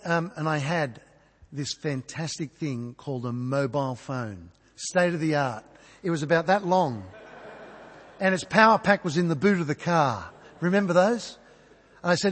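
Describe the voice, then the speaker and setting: A man's voice: a little high, animated, normal speed, fairly bright tone, husky. A man in his fifties with an Australian accent, preaching a sermon as a conversational, self-mocking storyteller in a church. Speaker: pastor. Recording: long reverb in a large church.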